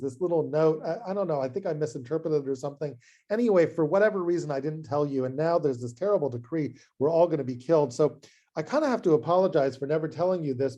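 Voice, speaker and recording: A man's voice: fairly high pitch, dark tone. A man doing a hesitant, awkward young queen. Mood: awkward pleading. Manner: hesitant, rambling, apologetic.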